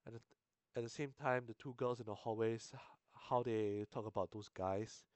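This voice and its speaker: A man's voice: mid-range voice, steady tone, no echo. Sweary young man reading a game aloud. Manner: sweary, halting, self-interrupting. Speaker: streamer reading a visual novel. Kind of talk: casual game reading with asides.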